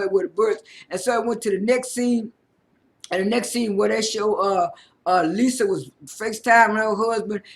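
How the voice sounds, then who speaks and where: A man with a high-pitched voice recaps a reality show in a loose, casual way. He stumbles and restarts often, filling gaps with "uh" and repeated words. He retells each scene by quoting what people said. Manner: halting, heavy fillers and repeated words.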